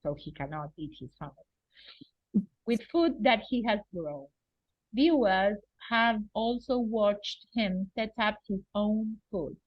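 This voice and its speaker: A woman's voice: mid-range voice, expressive, slow, no echo. A woman teaching an English vocabulary lesson, patiently explaining words and checking in with her students. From Argentina. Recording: dull, lo-fi and dry.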